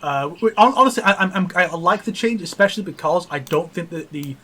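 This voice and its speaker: A man's voice: high-pitched, expressive, a little fast, bright, forceful tone, husky. A man hosting a casual gaming trivia chat, often stumbling and repeating words. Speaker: podcast host running a trivia iceberg.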